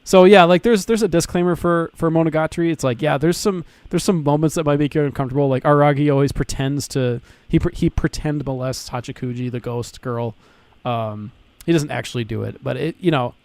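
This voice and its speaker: A man's voice: fairly high pitch, fairly even intonation, brisk, a little mellow, no room sound. A man co-hosting a podcast in casual chat, laid-back and full of filler words. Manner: laid-back, says "like" and "dude" a lot. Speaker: podcast co-host.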